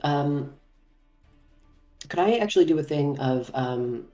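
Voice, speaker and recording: A woman's voice: sits low, lively intonation, slow pace, mellow, faint music behind. A woman playing in a tabletop game, hesitant and thinking aloud as she plans her moves. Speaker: player. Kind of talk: casual tabletop play. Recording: echoey room.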